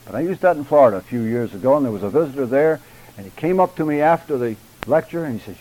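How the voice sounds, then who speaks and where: A man lecturing a church class on public speaking, enunciating deliberately and stressing key words, sometimes addressing students by name. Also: mid-range voice, lively intonation, darkish tone, poor audio. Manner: measured, emphatic, deliberate enunciation.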